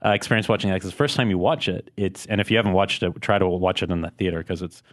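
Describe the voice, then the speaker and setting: A man's voice: sits low, no room sound, clean studio sound. A man co-hosting a podcast, chatting casually and enthusiastically about films. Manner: enthusiastic, jokey, talks fast. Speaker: podcast co-host. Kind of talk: casual film chat.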